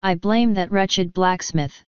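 A woman's voice: mid-range voice, takes it slowly, smooth, dry recording, close to an everyday voice. A woman reading as a petulant, fretful spinster. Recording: dull lo-fi sound.

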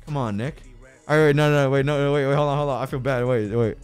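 A young man livestreaming, chatting casually to his viewers and swinging between yelled rants and low mumbling. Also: fairly even intonation, quick pace, clear, resonant tone, soft background music.

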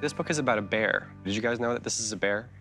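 A middle-aged man reading his children's book aloud to kids, chatty and gentle, stopping to ask them questions. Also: fairly low pitch, fast talker, soft background music.

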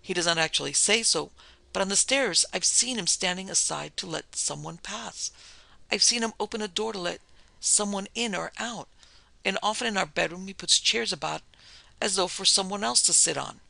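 A narrator voicing Mrs Pender, an anxious, timid middle-aged wife who rushes her words nervously. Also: mid-range voice, gravelly, bright, forceful tone, no echo, voice pushed up. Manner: nervous, tremulous rush of words.

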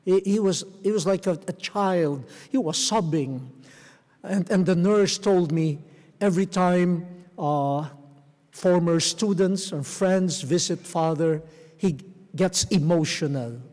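A middle-aged man from the Philippines, a cardinal, giving a gentle storytelling talk with soft chuckles to a theatre audience. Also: sits high, takes it slowly. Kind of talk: homily-style talk to a live audience. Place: large theatre. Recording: long reverb of a large theatre.

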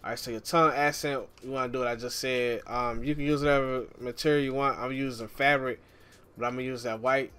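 A man casually walking viewers through a game tutorial, relaxed and chatty, often calling the listener "man". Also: mid-range voice, quick pace, clean tone. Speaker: gaming YouTuber.

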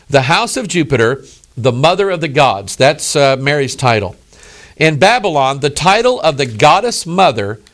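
A man's voice: fairly high pitch, a bit bright. A man preaching a sermon, reading scripture aloud and addressing listeners earnestly and emphatically.

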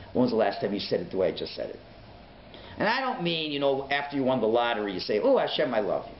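An animated man gives a rabbi's class, his pitch climbing and plunging as he acts out little scenes. The sound is muffled and lo-fi, and it rings off the walls of an echoey room. A faint hiss sits underneath. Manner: animated, acts out voices, sudden shouts and hushed whispers. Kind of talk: Torah class. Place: synagogue learning centre classroom.

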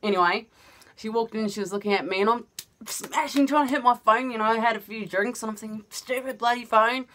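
A woman's voice: a little high, quick pace, fairly bright tone, slight background noise. Chatty Australian woman telling a story. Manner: chatty, laughs often while telling the story. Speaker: vlogger. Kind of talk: casual anecdote telling.

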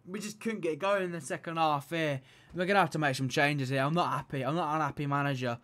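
A young man commentating his own football video game match, excitable and shouting at the referee. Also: on the high side, fast. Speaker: gaming YouTuber.

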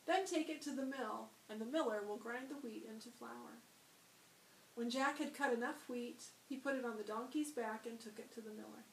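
A woman with a high voice reads a picture book aloud to children, lifting her voice brightly for the boy's shouted lines. She sits a little away from the mic. The room is echoey, with steady noise behind her. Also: moderate pace, vocal fry, far from the mic. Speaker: school librarian.

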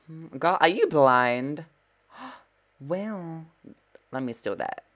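A sassy gamer trash-talks opponents in live commentary, voice leaping all over the place while the words come out slow and drawn. Gasps and exclamations pile up between curses, spoken close into a desk mic. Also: mid-range voice, fairly bright tone. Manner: sassy trash talk with frequent swearing. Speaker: gameplay streamer.

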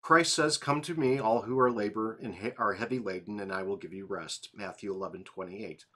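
A tired man reading a church confession aloud in an evening devotional, steady and plain. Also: fairly low pitch, a little fast. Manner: reads steadily, apologizes and laughs at slips. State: yawning, tired.

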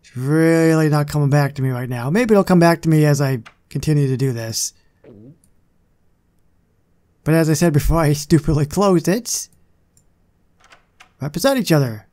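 A man's voice: on the high side, moderate pace, darkish tone. A man hosting a gaming channel, giving casual gameplay commentary in a chatty, self-deprecating way with muttered asides.

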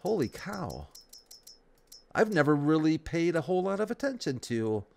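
This let's play host, speaking from home near the Great Lakes, has a high-leaning, darkish voice with vocal fry, very animated at a moderate pace. His casual commentary wanders between reasoning through the game and stories from his life.

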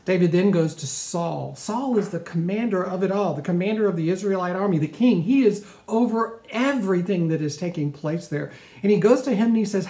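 A man's voice: sits high, lively intonation, fairly quick, warm tone, reverberant. A male pastor giving a sermon and retelling a story in a casual, conversational way.

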